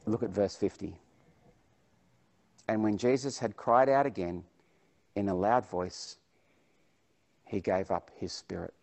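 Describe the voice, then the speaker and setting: A man's voice: lowish voice, unhurried, gravelly, long pauses, a little mellow. A man preaching a sermon, reading Bible verses aloud with emphasis and then explaining them.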